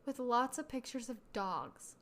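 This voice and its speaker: Reading a story aloud on a laid-back podcast she co-hosts, this woman laughs and feigns outrage along the way. Her pitch is fairly high, her delivery animated and measured, and the sound a touch bright.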